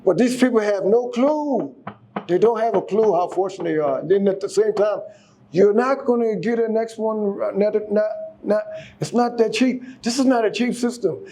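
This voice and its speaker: A man's voice: high voice, moderate pace, mellow, slight background noise. A man giving a casual sermon, exhorting the congregation, often repeating and restarting his words. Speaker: speaker giving a class.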